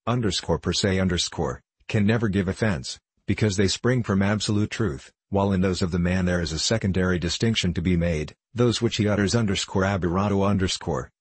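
A man's voice: deep voice, slightly rough, no echo. A man doing a haughty nasal friar. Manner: authoritative, indifferent, hair-splitting. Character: calm, haughty male Dominican friar.

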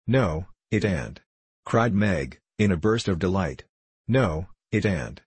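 Man doing a teasing young daughter, all glee, low husky voice, dry. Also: expressive, normal speed, no room sound. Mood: delighted. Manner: gleeful, teasing. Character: bright, loving young woman, playful daughter.

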